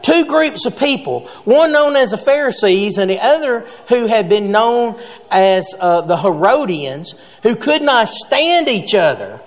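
A high-pitched man preaches from the pulpit, telling a homespun joke before walking through the Scripture. His voice rings out with a long reverb tail from the church sanctuary around him. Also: sing-song, a little slow. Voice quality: folksy storytelling with jokes. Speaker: pastor. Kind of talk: sermon.

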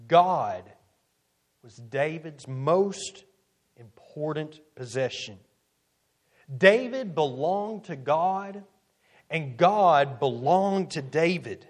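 Slow, lively-voiced male preacher. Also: on the high side. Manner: slow, deliberate preaching with emphatic scripture reading. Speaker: pastor. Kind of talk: sermon.

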